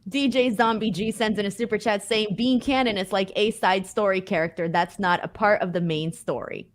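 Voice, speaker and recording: A woman hosting a casual wrestling talk show, chatty and quick to laugh, reading viewer messages aloud. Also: mid-range voice, fairly even intonation. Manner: chatty, laughs easily, self-correcting. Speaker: host. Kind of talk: casual chat, reading super chats aloud.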